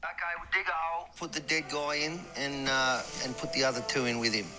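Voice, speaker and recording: A man's voice: on the high side, little pitch movement, fairly quick, over music, natural voice. A man playing a haggling crime boss. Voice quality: exasperated wheedling bargainer. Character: haggling stingy middle-aged male crime boss. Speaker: crime boss bargaining on the phone. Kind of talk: TV drama dialogue.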